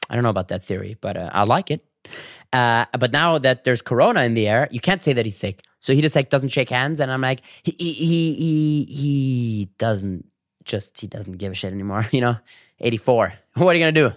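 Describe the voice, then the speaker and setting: A man talks straight to camera in a casual comedic vlog, spinning stories with fast asides and sudden animated jumps. His voice sits mid-range, and the recording is close and completely dry, with no room sound behind him. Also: medium pitch, no echo. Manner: animated storytelling with quick asides and bursts of laughter. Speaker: vlogger.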